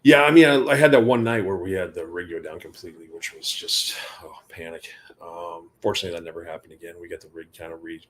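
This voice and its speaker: Speaking quickly in a deep voice, a guitar tech appears as an interview guest and rambles through casual backstage anecdotes. He quotes conversations, laughs, and lets his stories wander.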